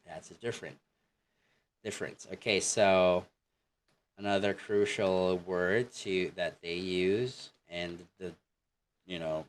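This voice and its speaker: A man teaching an online English lesson in a relaxed way, with many fillers and demonstrations of how words are pronounced. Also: low-pitched, unhurried, long pauses, a little hiss or hum.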